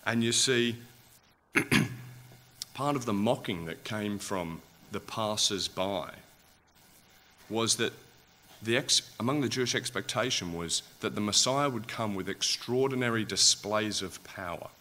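Slow, bright-voiced male preacher. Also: lowish voice. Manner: rhetorical questions to the listeners, growing impassioned. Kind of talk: sermon.

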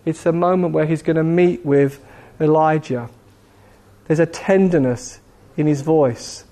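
A man preaching a sermon in a slow, measured way with dramatic pauses, gently voicing God's questions. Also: a little high. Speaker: pastor.

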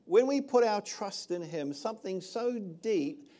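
A man's voice: sits high, animated, unhurried, warm tone. An older man from New Zealand preaching a sermon in a conversational way, often checking in with the listeners. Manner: conversational, checks in with "all right?". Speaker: pastor.

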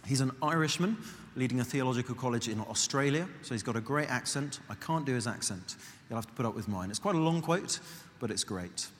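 A man preaching a sermon in a conversational, earnest way, slowing and softening his voice for emphasis. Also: medium pitch. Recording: long hall reverb, faint background noise.

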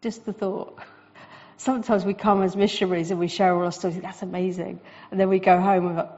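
A woman preaching a sermon in a lively, conversational way, with quick asides to the congregation. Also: mid-range voice, highs cut off.

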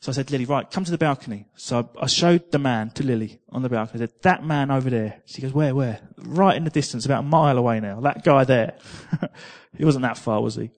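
A man's voice: medium pitch, fast. A man preaching a sermon, telling a personal testimony in a chatty way, with repeated words and small laughs.

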